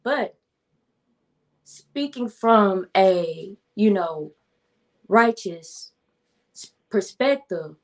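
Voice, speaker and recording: A woman music producer is the guest in a casual interview, speaking at a middle pitch. She is low-key and reflective and fills her thoughts with lots of fillers. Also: lively intonation, extremely slow, pauses often.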